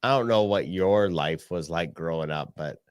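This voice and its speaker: A man's voice: low-pitched, normal speed, smooth, dry recording, clean studio sound. A man co-hosting a podcast, chatting bluntly and profanely in a casual way. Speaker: podcast co-host. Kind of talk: casual chat.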